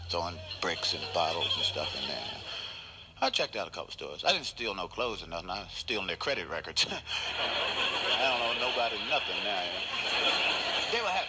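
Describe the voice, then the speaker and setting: A man's voice: low-pitched, heavy background noise. A man doing a laid-back stand-up routine on a television stage, chuckling at his own jokes. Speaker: stand-up comedian.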